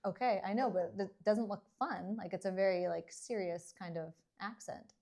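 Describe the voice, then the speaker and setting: A woman's voice: mid-range voice, fairly even intonation, moderate pace, creaky, dark tone. A woman from Canada co-hosting a casual podcast, dry and teasing, often laughing. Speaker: dentist and podcast co-host.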